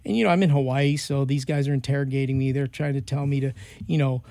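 A man telling a personal story as an interview guest, slangy and loose, acting out other people's lines in sudden high voices. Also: steady tone, fast, mellow, no room sound, clean studio sound. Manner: acts out quoted voices, jumping high in pitch; loose, slangy, full of fillers. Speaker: interview guest, professional skateboarder.

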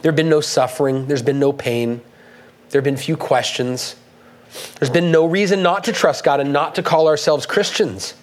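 An earnest man delivers a sermon to his congregation, halting and restarting as he talks. He lifts his voice when he reads out quoted passages, and his voice sits a little higher than most men's. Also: low-quality recording. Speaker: pastor.

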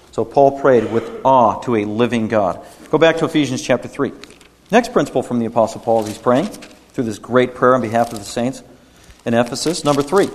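A man's voice: mid-range voice, a little mellow. A man preaching a sermon as a pastor, emphatic and building in intensity at times. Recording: long hall reverb.

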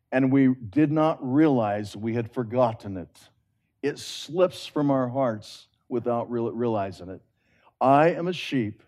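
A man preaching a sermon at a slow, unhurried pace, his voice sitting in an ordinary middle register. He talks earnestly and conversationally. He climbs into loud, emphatic rises, then drops to hushed, drawn-out phrases. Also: medium pitch.

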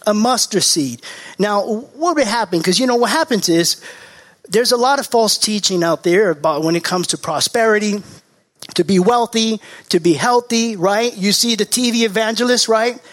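A male pastor delivers a sermon in a fairly high voice. He drives his points home by repeating key words and phrases, and he now and then mocks other preachers. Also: normal speed, fairly bright tone. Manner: mocking impressions of TV preachers.

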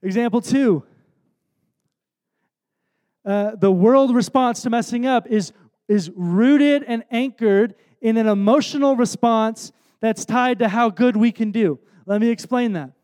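High-voiced earnest male preacher. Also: unhurried, darkish tone. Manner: earnest, conversational, self-deprecating asides. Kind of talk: sermon.

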